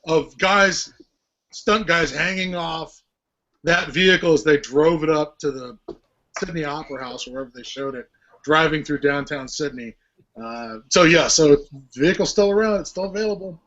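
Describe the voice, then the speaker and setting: A man's voice: a little high, moderate pace, fairly bright tone. A man hosting a casual podcast chat, telling stories animatedly and swearing freely. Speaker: podcast host. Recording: lo-fi podcast audio.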